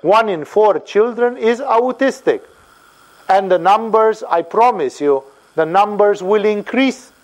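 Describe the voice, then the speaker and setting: Slightly high-voiced man teaching scripture. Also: animated. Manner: deliberate, emphatic, repeats phrases. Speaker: spiritual teacher. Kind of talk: sermon-like scripture commentary.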